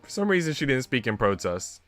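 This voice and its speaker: A man streaming himself reading a visual novel aloud, expressive and reacting out loud between lines. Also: mid-range voice, a little fast, soft background music. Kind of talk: dramatic read-aloud with commentary.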